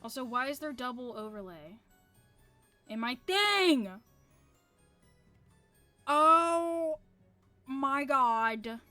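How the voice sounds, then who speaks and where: Woman streamer, high voice, casual profane chatter, self-mocking. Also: animated, extremely slow, pauses often, bright, forceful tone, no echo, soft background music. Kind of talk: casual live-stream chat.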